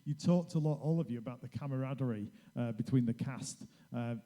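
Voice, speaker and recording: A man's voice: mid-range voice, brisk, warm tone. A man hosting a convention panel, asking long, stumbling questions. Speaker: panel host. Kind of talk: interviewing guests on stage.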